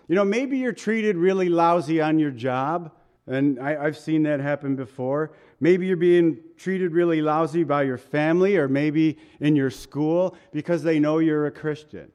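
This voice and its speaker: A man's voice: fairly high pitch, a little mellow. A man preaching a sermon in a casual, folksy way, asking the listeners questions and laughing at himself now and then. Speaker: pastor.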